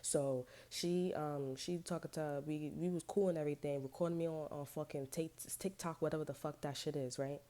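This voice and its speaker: A woman with a deep, low voice tells a storytime rant to her viewers. Her tone is dark and mellow. She rambles loosely, swearing and dropping street slang as she goes. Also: fairly even intonation, normal speed, few pauses. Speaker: vlogger.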